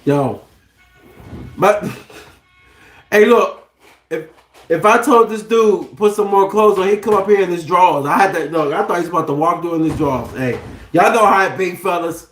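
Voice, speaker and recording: A man in his thirties hosting a casual livestream, animated, joking and profane. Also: sits high, normal speed, long pauses, roomy sound. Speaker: livestream host.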